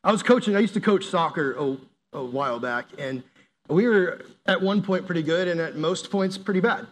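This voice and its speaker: A man's voice: high voice, moderate pace. A man preaching a casual, jokey sermon, telling stories and laughing as he talks. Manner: animated, jokey storytelling with laughs. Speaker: youth pastor.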